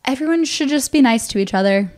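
A young woman co-hosting a podcast, chatting casually in a measured way, often pausing with um. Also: sits high, expressive, a little mellow. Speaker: podcast co-host. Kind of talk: casual chat.

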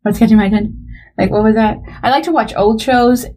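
A woman's voice: on the high side, fast talker. A woman in casual chat, telling stories with animation and acting out what people said. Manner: animated storyteller who acts out quoted exchanges.

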